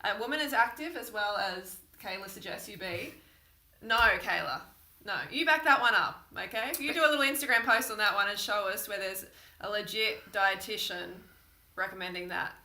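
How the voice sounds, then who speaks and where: A woman's voice: medium pitch, normal speed, pushed and bright. A young woman co-hosting a vlog in casual chat, talking emphatically and laughing often. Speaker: vlog co-host. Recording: echoey room.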